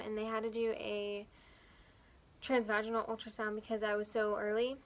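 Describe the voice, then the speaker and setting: A woman's voice: a little high, a bit bright, poor audio. A young woman vlogger earnestly telling a personal story, rambling along with fillers.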